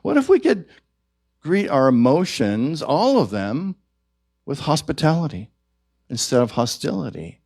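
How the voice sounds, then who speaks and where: A man's voice: fairly high pitch, sing-song, measured pace, long pauses, a little mellow. A man preaching a sermon at a church service, drawing the congregation in with questions and call-and-response. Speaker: minister.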